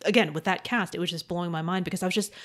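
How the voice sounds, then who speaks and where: A woman's voice: lowish voice, fairly even intonation, racing. A woman co-hosting a podcast in casual movie chat, rambling and acting out her own reactions. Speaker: podcast co-host.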